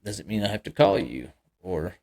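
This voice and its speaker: A man's voice: low voice, expressive, moderate pace, darkish tone. A man co-hosting a casual podcast chat, talking loosely with lots of fillers and agreeing easily. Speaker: podcast co-host.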